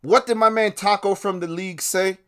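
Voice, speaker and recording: A man hosting his own independent podcast, ranting with a lot of profanity, swinging between loud outbursts and low muttering. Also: fairly even intonation, normal speed. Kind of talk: podcast rant.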